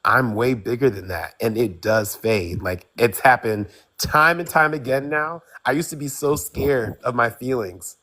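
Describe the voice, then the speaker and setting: A man sharing personal experience in a conversation, speaking haltingly and repeating words. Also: medium pitch, lively intonation, sharp tone.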